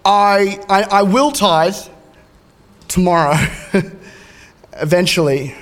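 A man's voice: sits high, extremely slow. A man, preaching a sermon in a casual way with joking asides and frequent restarts. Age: 30s. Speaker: pastor.

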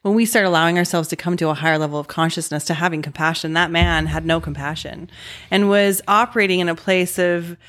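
A woman's voice: lowish voice, steady tone, fast, fairly bright tone. A woman hosting a casual chat, speaking reflectively. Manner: reflective, talks of healing and compassion.

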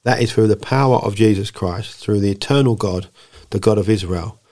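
Low-voiced man preaching in a playful chat. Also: normal speed, darkish tone. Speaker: podcast co-host. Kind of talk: casual faith podcast chat.

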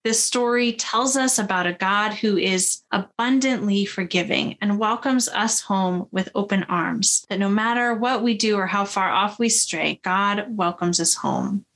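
A woman pastor delivers a sermon in a relaxed, conversational tone. She reads scripture aloud and then talks to her congregation like friends, laughing easily. Her voice sits at a middle pitch for a woman. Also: a little slow, hardly any pauses.

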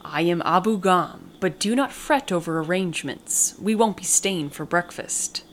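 A woman's voice: on the low side, moderate pace, a little hiss or hum, close to an everyday voice. A woman reading the lines of a smug, showy male pirate captain with mocking, theatrical courtesy.

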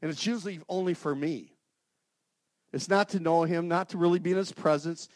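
A man's voice: fairly high pitch, fairly quick, no room sound, clean studio sound. Earnest man preaching to men. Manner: earnest, swings from loud outbursts to hushed prayer. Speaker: lay speaker at a men's gathering. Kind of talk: informal sermon.

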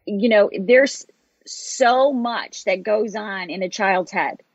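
An animated woman from Michigan shares her life story as an interview guest, laughing often along the way. Her voice is husky and close, with no room sound. The recording is a bit dull and lo-fi. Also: medium pitch, slow, no room sound. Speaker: guest, motivational speaker.

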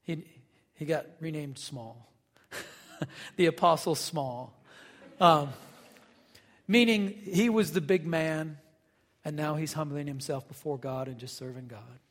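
A man's voice: a little high, slow, pauses often, a bit bright. A man preaching a sermon as pastor, conversational and folksy, with casual asides and acted-out quotes. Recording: long reverb of a hall.

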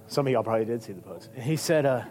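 A male pastor preaching a sermon in a conversational, animated way, with emphatic peaks. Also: mid-range voice, rapid-fire, soft background music.

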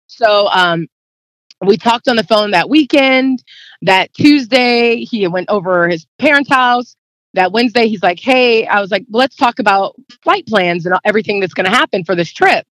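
A woman's voice: medium pitch, lively intonation, normal speed, a bit bright, no room sound. A woman guest telling a personal story in casual chat, rambling and acting out the dialogue, close to tears. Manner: rambling, acts out quoted dialogue; emotional, near tears.

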